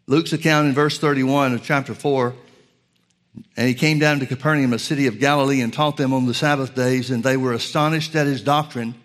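A male preacher teaching from scripture, reading verses slowly with stress on key words and calling his listeners folks. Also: medium pitch, steady tone, a bit bright. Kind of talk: Bible teaching sermon.

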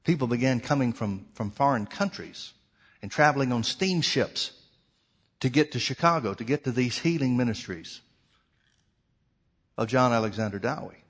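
A man of ordinary pitch preaching a storytelling sermon. He tells it dramatically, rising to loud cries and then dropping to a hushed, quiet delivery. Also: expressive, moderate pace, long pauses, slightly rough.

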